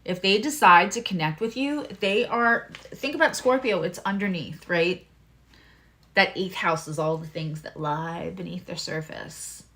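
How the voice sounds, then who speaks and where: A woman hosting a live tarot and astrology reading in a chatty, candid way, swearing freely and now and then dropping into hushed asides. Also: on the low side, measured pace.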